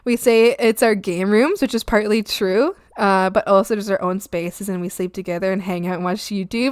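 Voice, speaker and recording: A young woman streaming and chatting casually while drawing, rambling and swearing freely, her voice swinging from loud outbursts to quiet mumbling. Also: medium pitch, steady tone, normal speed, hardly any pauses, clean tone, no echo, clean studio sound.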